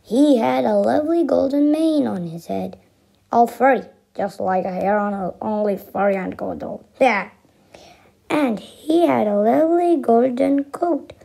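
A woman reading a children's story aloud, unhurried, with playful asides and sound effects. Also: a little high, creaky, mellow, breathy edge, rough recording.

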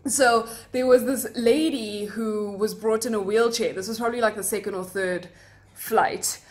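A woman's voice: fairly high pitch, fairly even intonation, moderate pace, darkish tone. A young South African woman, a flight attendant, telling stories from her workday in a chatty, giggly way, full of likes and asides. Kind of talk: casual chat.

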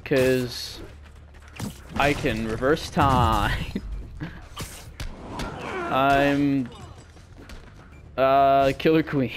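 A man's voice: mid-range voice, steady tone, drawn-out words, long pauses, background noise. A young man casually commentating his own gameplay, rambling and self-mocking with sudden goofy yelps. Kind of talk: casual let's-play commentary.

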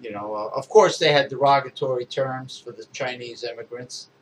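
A man's voice: mid-range voice, normal speed, slight background noise, low-quality recording. A middle-aged man co-hosting a podcast, ranting angrily and swearing, with lots of fillers. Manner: angry profane ranting with many fillers. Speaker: podcast co-host. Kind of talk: casual political chat.

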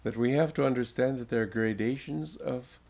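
A man's voice: mid-range voice, vocal fry, a little mellow. An older American man, a spiritual teacher, giving an informal talk to an audience, telling stories and laughing often as he goes. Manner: slow, chuckling storyteller.

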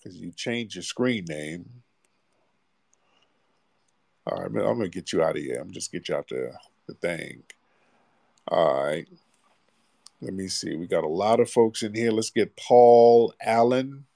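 A man's voice: sits low, unhurried, vocal fry, pauses often, dark tone, dry recording, clean studio sound. A man hosting a late-night call-in show, talking bluntly in casual slang. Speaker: host. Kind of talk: live call-in radio show.

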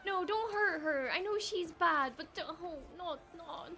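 A woman reacting to a show as she watches, excitable and swearing freely, with laughs and gasps. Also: very high-pitched, unhurried, few pauses, soft background music. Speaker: reaction streamer. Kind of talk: live reaction commentary.

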